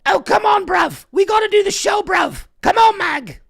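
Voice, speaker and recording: Loud mate put on by a man, high-pitched, shouting, cheeky. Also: expressive, normal speed, vocal fry, heavily acted. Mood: excited shouting. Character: excitable British male friend, loud, slangy.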